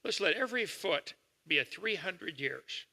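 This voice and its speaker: A man's voice: sits high, lively intonation, sharp tone. Older man lecturing folksily in a hall. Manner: explains slowly with homely examples, checks with listeners. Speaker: creationist lecturer. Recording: reverberant hall recording.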